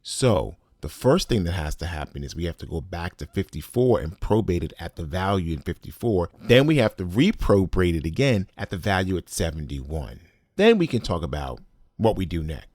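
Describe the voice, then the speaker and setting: Deep-voiced man telling a blunt story. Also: very animated, moderate pace, a little mellow, no room sound, studio quality. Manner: blunt, profane, emphatic. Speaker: podcast host. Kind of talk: personal storytelling monologue.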